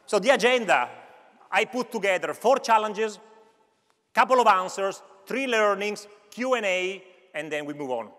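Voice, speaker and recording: Italian guy w veneto accent, kinda high pitched, joking with the crowd in an echoey auditorium. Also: lively intonation, normal speed, fairly bright tone. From Italy, Veneto. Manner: chatty, joking asides to the audience. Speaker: alumni keynote speaker. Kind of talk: conference keynote speech. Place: large university auditorium. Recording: echoey lecture hall.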